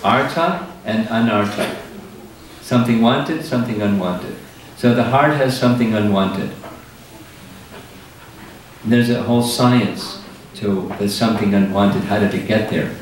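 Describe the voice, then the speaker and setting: An older man with a fairly low voice gives a thoughtful talk to an audience. He explains carefully and stops to clarify what he is asked. He is heard from a distance in a very echoey hall, with faint noise underneath. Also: a little slow, long pauses. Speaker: spiritual teacher answering questions. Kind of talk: lecture with audience Q&A.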